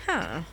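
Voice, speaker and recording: A woman's voice: mid-range voice, a little hiss or hum. A woman co-hosting a podcast in casual chat, joking bawdily and laughing often. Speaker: podcast co-host.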